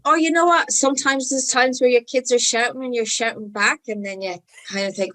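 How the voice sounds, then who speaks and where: A woman's voice: fairly high pitch, fairly even intonation, fairly quick, few pauses, fairly bright tone. A woman guesting on a podcast as a mother, chatting casually and agreeing emphatically.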